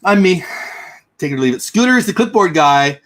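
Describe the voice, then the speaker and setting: A man hosting a casual livestream, chatting and thinking out loud as he answers viewers. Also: high-pitched, lively intonation, brisk. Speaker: livestream host. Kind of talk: casual livestream chat reading comments.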